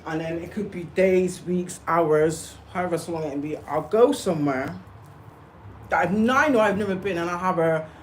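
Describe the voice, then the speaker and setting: This spiritual livestreamer talks in a fairly low voice at normal speed, addressing her viewers directly in a casual monologue. Insistent and emphatic, she keeps asking "okay?" and "yeah?". The rough recording carries slight background noise.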